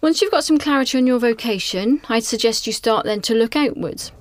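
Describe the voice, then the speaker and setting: A woman's voice: on the high side, a little fast, no room sound. A woman giving earnest, reflective advice to school leaders, often asking rhetorical questions. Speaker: national director of school inspections. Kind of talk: advisory conversation.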